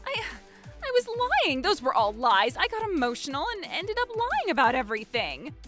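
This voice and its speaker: A woman voicing a shameless, scheming young woman who whines and pleads in a high voice. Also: wildly swooping pitch, normal speed, fairly bright tone, soft background music, heavily acted. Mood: panicked. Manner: pleading, high-pitched whining. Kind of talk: animated story voice acting.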